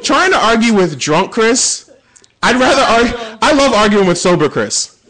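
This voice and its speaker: A man's voice: sits high, moderate pace, rough recording. A man hosting a podcast, telling stories in casual group banter with acted-out quotes and lots of swearing. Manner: animated, profane storytelling with acted-out quotes. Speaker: podcast host.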